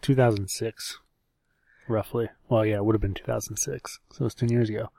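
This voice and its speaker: A man's voice: on the low side, fairly even intonation, fairly quick, creaky, warm tone, slight background noise. A young man co-hosting a podcast in casual chat, laid-back and answering often with short agreements. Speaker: podcast co-host.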